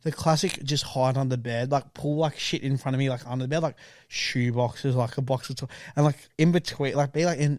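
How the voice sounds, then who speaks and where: A man's voice: medium pitch, fairly even intonation, brisk, no echo, studio quality. A young man, co-hosting a podcast, who tells stories, swears and laughs often. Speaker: podcast co-host. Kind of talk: casual chat.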